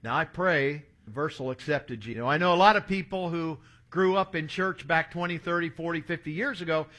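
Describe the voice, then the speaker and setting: A man in his sixties delivers a sermon, mixing stories with scripture read aloud. His voice is bright and sits a little high. He speaks with an earnest preacher's manner. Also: fairly quick. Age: 60s. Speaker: pastor.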